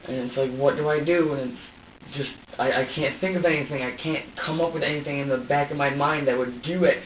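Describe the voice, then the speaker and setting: A man's voice: fairly high pitch, fairly even intonation, a little fast, a little hiss or hum. A man who is a suspect in a police interrogation room, giving an emotional confession. He talks in an agitated way, swears a lot, and stops and restarts often. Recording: echoey, distant, dull room recording.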